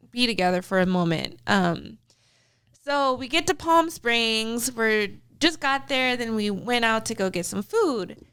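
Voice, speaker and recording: A young woman with a high, smooth, clear voice tells a story on a casual podcast. She is animated and breaks into laughter often as she talks. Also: dry recording, studio quality. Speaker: podcast co-host.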